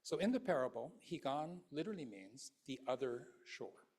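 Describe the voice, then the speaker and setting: Male minister, husky voice, chatty dharma talk with fillers and asides. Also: mid-range voice, very animated, normal speed, darkish tone. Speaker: guest minister.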